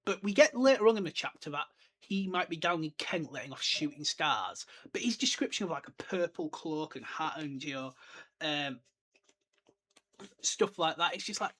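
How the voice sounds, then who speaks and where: Chatty young guy rambling through a book on his podcast, bright, a bit high. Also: expressive, normal speed. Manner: chatty, rambling, enthusiastic, goes off on tangents. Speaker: podcast host. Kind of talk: casual solo podcast book discussion.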